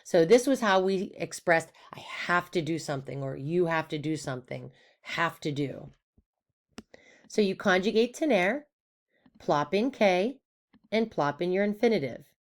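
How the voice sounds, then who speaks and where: A woman with a lowish voice teaches a recorded lesson at an unhurried pace. She is upbeat and playful, putting questions to her students and then answering them herself. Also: lively intonation. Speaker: Spanish teacher.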